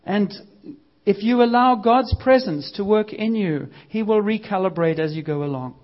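A man preaching a sermon in a church, lively and using a prop as a visual aid. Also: high voice, normal speed, highs cut off.

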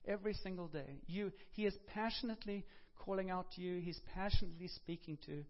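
A man preaching a sermon with passion, moving from loud urgent appeals to quiet, reflective prayer. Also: sits high, fairly quick, muffled recording.

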